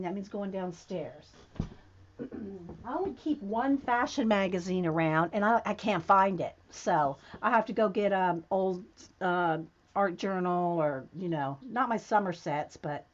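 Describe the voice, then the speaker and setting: A woman hosting a casual crafting vlog, chatting to her viewers as she works and getting excited by what she finds. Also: mid-range voice, dull audio, a little hiss or hum. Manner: chatty, excitable, talks to viewers while working. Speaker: craft video host.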